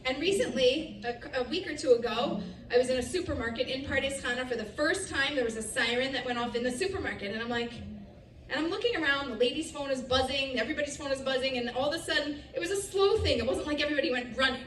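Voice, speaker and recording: Picture a woman with a high voice, heard a little way off in an echoey festival venue with faint ambience. She tells a lively story to the audience, laughing often and quoting other people in her own voice. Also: fast talker, recorded from a distance, a little hiss or hum. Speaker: speaker giving a festival talk. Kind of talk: storytelling talk to a live audience. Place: festival stage.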